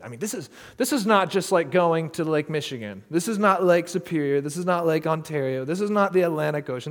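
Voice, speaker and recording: A man's voice: on the high side, quick pace, hardly any pauses, long reverb tail. A man from the United States telling a story casually, full of fillers and frequent laughter. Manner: animated, laughs often, many fillers. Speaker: missionary storyteller.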